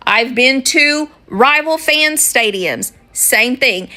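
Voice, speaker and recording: A woman talking casually in a vlog, animated and swearing offhandedly. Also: sits high, slow pace, hardly any pauses, faint music behind.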